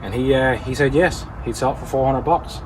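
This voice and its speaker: A man's voice: mid-range voice, fairly quick, noisy background. A man with a Newfoundland accent chatting casually in a vlog about flipping cars, plain-spoken with dry humour. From Newfoundland, Canada. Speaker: car-flipping YouTuber.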